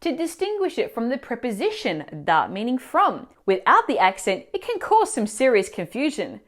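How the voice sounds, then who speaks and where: A woman teacher explaining grammar mistakes in clear, instructive scripted narration, asking the viewer questions. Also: a little high, wildly swooping pitch, moderate pace. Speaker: language teacher.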